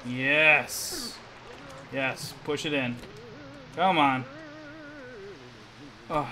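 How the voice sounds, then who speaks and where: A man's voice: fairly high pitch, expressive, very slow, pauses often, pushed and bright, rough recording. A man hosting a let's play, commenting on his gameplay and groaning in frustration as he keeps failing. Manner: frustrated, groaning and muttering at the game.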